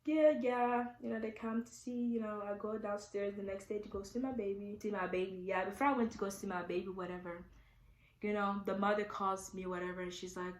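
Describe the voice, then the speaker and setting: A woman's voice: medium pitch, fairly even intonation, a little fast, a little hiss or hum. Young woman rambling through a storytime. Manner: rambling, loose and candid, heavy on fillers. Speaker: vlogger. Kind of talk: casual storytime. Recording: echoey room.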